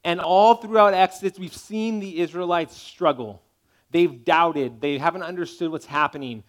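Man, pastor, sermon, somewhat high pitch, emphatic conversational delivery. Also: moderate pace. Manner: conversational preaching, emphatic, checks in with "right?".

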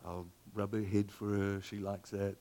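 A man in his sixties preaches like he is talking with friends. He pushes hard on some words and drops almost to a whisper on others, the loudness rising and falling all through the sermon. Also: on the low side, a little slow. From Zambia. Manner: animated and conversational, with dramatic volume swings down to near whispers. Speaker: pastor.

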